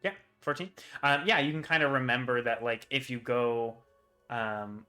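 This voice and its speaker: A man with a bright, forward voice narrates a fantasy tabletop session as game master. He talks casually and loosely, full of "um" and "like", describing what players hear and asking for dice rolls. Faint music sits behind him. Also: medium pitch, moderate pace. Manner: casual, rambling with fillers, voices side characters briefly.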